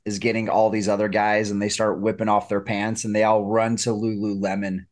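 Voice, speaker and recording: A man's voice: on the low side, little pitch movement, brisk. A man hosting a podcast, asking questions in a friendly, chatty way. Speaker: podcast host. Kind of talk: casual interview.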